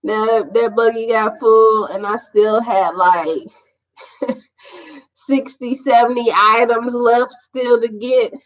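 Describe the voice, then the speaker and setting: A woman, a podcast host and prophetess, telling a personal testimony in an emphatic, animated way and laughing through it. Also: mid-range voice. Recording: muffled lo-fi audio.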